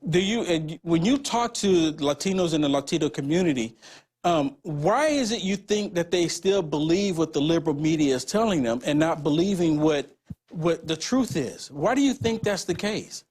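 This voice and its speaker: A man hosting an interview, asking long rambling questions with many halting restarts. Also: fairly high pitch, lively intonation, a little mellow, husky. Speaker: interviewer host.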